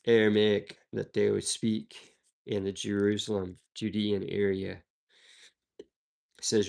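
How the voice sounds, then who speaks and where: Gravelly low-voiced man teaching scripture. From American South. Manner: reads verses then explains them, conversational asides. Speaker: Bible teacher. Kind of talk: devotional Bible reading and commentary.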